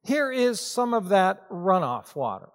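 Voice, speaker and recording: A man's voice: sits high, very animated, measured pace, clean tone. A man preaching a sermon, reading scripture and then telling a joke and talking to his congregation. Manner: storytelling, joking with the congregation. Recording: reverberant hall sound.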